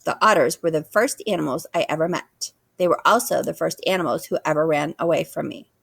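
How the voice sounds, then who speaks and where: A woman voicing a calm, polite female robot who speaks in a formal, measured way. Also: low voice, gravelly, husky, no room sound, full character voice.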